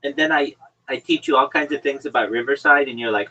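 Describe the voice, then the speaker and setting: A man hosts a podcast and teases his guest, lecturing him in a mock-serious way over an online call. His voice is bright and husky, and his pitch moves a lot. The call audio sounds dull and lo-fi. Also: quick pace. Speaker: podcast host. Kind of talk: casual chat.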